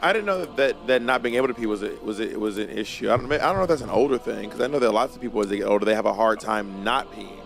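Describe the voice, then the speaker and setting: A man with a gravelly, creaky voice chats casually as a co-host. He talks in an animated, emphatic way and often restarts his sentences. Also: on the low side, very fast, few pauses, faint music behind. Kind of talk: casual chat.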